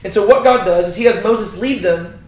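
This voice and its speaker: A man's voice: high voice, fairly quick. A man teaching a Bible lesson, telling the story with animation and often checking in with "right?". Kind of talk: teaching talk. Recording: roomy echo.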